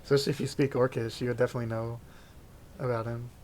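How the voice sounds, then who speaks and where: A man serving as game master, relaxed as he explains rules and narrates the enemies' actions. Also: mid-range voice, fast, slight background noise. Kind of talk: running a tabletop game.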